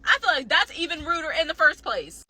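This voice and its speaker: A woman telling a dating story to camera in a sassy, animated, self-mocking way. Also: high-pitched, fairly quick.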